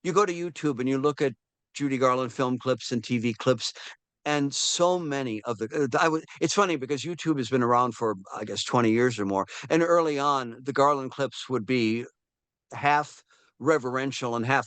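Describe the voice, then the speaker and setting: A man's voice: medium pitch, normal speed, clean tone, no echo. A man in his seventies, a film historian giving an interview, telling stories animatedly, with frequent restarts and fillers. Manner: animated storyteller who acts out quoted voices. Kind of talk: casual interview storytelling.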